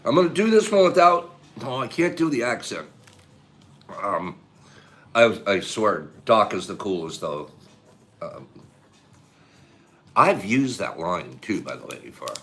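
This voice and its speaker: A man's voice: lowish voice, sing-song, measured pace, long pauses, a bit bright. A man hosting a casual morning chat with viewers, rambling in a sentimental way and chuckling as he goes. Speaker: host of a morning show.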